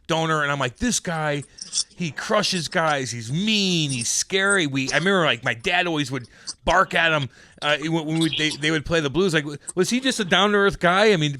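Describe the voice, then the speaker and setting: Man, podcast co-host, excitable, teasing, exclamatory, bright, slightly high. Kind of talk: casual banter.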